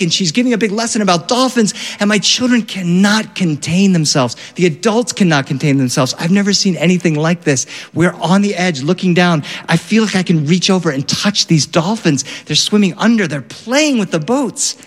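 Man, storyteller, somewhat high voice, animated, long reverb of a hall. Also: normal speed. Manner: animated, big swings between excited and hushed. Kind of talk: personal storytelling.

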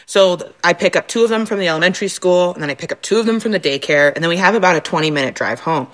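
A woman's voice: on the low side, rapid-fire. A woman in her thirties, a mother and podcast guest, chatting casually and acting out her kids' voices as she tells stories. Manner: animated storyteller, acts out her kids' voices. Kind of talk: casual chat.

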